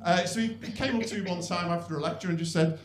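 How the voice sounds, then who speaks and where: On stage in an echoey club, a middle-aged St Helens comic with a Northern English accent from North West England does a dry, rambling stand-up set. He talks quickly in a high voice, tagging lines with "really" as he runs himself down. The audience laughs, and there's a little hiss or hum.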